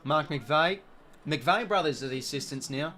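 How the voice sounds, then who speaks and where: Young aussie guy, slightly high voice, rambling footy stream chat. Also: measured pace, bright, forceful tone. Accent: Australian. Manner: chatty, rambling, reacts to play. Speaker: live stream host. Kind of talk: casual live watch-along commentary.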